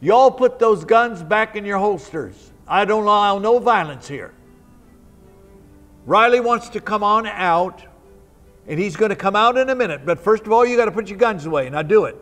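A man's voice: high-pitched, expressive, measured pace, in a large hall, soft background music, voice pushed up. A man voicing a stern but loving elderly Christian woman, speaking emphatically and commandingly. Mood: firm.

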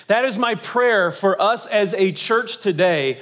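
High-voiced male pastor leading a congregation. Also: expressive, unhurried, a bit bright. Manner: call-and-response with congregation. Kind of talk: sermon.

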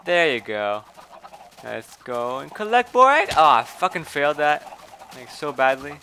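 A man's voice: a little high, big pitch swings, unhurried, bright, forceful tone, a little hiss or hum. A man giving casual gameplay commentary, chatty, swearing, and talking to the animals in the game. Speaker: gameplay video host.

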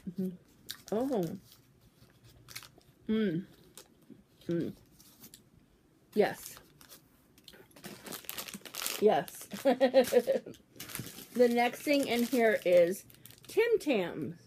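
Gushing woman unboxing, slow and chatty. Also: fairly high pitch, a little hiss or hum. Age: 40s. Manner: gushing, excitable, trails off with fillers. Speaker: YouTuber opening a mail package. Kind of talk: casual unboxing vlog.

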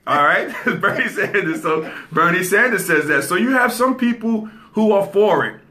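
A male host talks through the news in a loose commentary style, often pausing to ask his listeners "okay?" His voice sits a bit high and has a bright, forceful edge, and he repeats key phrases to drive his points home. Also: expressive. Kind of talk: casual commentary.

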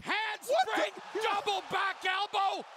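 A man putting on a shouting wrestling announcer voice, calling moves from a distance. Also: very high-pitched, little pitch movement, slow pace, crowd noise, pitched above the performer's own voice. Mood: hyped.

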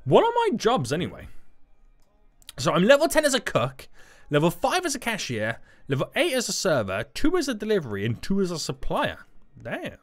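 A young man giving excitable, jokey commentary over gameplay, talking to chat and teammates. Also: sits high, normal speed. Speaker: gaming YouTuber. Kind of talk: energetic Roblox gameplay commentary.

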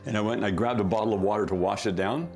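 A man's voice: lowish voice, fairly even intonation, rapid-fire, gravelly, a little mellow, faint music behind. A man, a company founder, telling a rambling story in a casual interview, correcting himself often and laughing.

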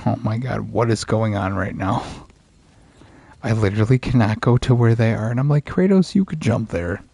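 Gravelly guy streaming a game, swears constantly and rants when he gets stuck, dark low-key voice. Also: normal speed, no echo. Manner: profane, frustrated ranting. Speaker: gaming streamer. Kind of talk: casual let's play commentary.

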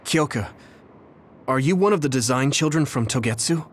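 A man's voice: medium pitch, animated, normal speed, lightly acted. A man voicing an earnest young male hero in a video game, speaking sincerely and steadily. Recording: game audio with music behind.

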